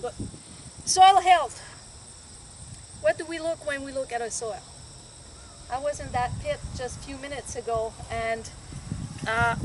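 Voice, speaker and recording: A woman with a Quebec French accent, a native French speaker, giving a chatty outdoor field talk to farmers by a soil pit and often asking them questions. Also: high voice. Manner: chatty, asks the crowd questions, invites interaction. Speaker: soil specialist presenter. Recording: loud outdoor noise, passing vehicles.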